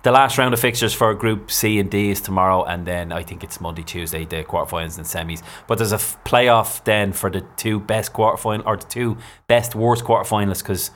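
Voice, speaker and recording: Fast-talking man, low voice. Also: fairly bright tone. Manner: chatty, enthusiastic, quick storytelling. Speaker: co-host, football pundit. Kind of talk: casual sports chat.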